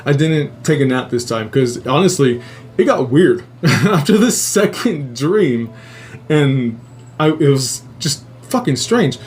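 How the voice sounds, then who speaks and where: A man hosting a live show, telling a dream story in a profane, rambling, animated way. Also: medium pitch, slow, soft background music. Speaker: host. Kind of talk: casual storytelling.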